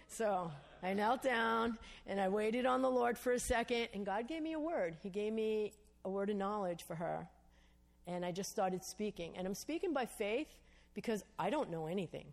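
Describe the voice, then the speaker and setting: A woman preaching a sermon in a voice of middle pitch. She tells a story and acts out the dialogue in it. She keeps asking her listeners to agree. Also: normal speed. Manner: storytelling, acts out quoted dialogue, asks the audience "Amen?". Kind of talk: sermon testimony.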